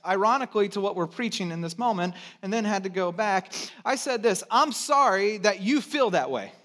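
High-voiced man preaching with sweeping intensity. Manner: impassioned preaching, swinging from loud and high to hushed and low; repeats phrases for emphasis, draws drawn-out quotes. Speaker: pastor. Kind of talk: sermon.

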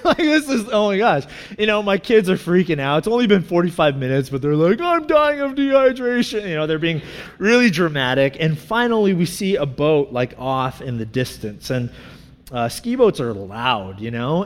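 High-voiced man preaching in a reverberant hall. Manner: casual, storytelling, many fillers and asides. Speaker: pastor. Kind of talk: sermon with a personal story.

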